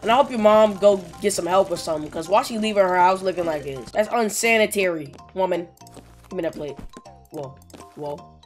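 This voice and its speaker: A young woman giving excitable, slangy gameplay commentary, yelling and muttering to herself in bursts. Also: lowish voice, brisk, faint music behind. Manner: yells and laughs in bursts, slangy, mutters to self. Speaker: gaming YouTuber.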